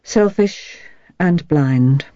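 A woman reading a first-person novel aloud in a calm, measured, reflective way. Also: low-pitched, no echo. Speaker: audiobook narrator. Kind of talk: scripted first-person narration. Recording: slightly dull, dry recording.

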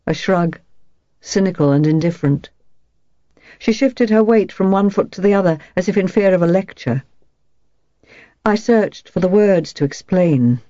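A woman reading a first-person novel aloud in a calm, measured, reflective way. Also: fairly low pitch, no echo. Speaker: audiobook narrator. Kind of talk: scripted first-person narration. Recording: slightly dull, dry recording.

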